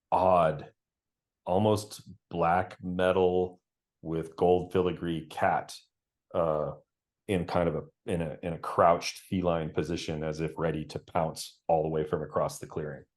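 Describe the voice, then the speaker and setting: A man narrating as game master, relaxed and laughing often. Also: low voice.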